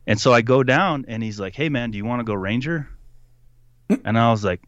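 Animated man telling army stories. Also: mid-range voice, quick pace, no room sound, muffled recording. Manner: animated, quotes people in voices, laughs often. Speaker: podcast guest. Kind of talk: casual storytelling.

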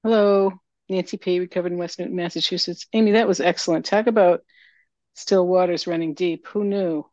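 A woman giving a candid, emotional share at a recovery meeting, halting with fillers, over a video call. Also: on the low side, steady tone, a little mellow, no room sound. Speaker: meeting member sharing. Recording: dull lo-fi video call audio.

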